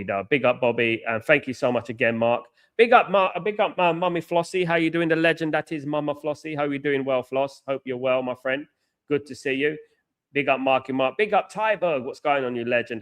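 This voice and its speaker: A man hosts a live football watchalong in a mid-pitched voice. He chats casually, keeps thanking his viewers and repeats himself as the game plays. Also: a bit bright. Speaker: watchalong host.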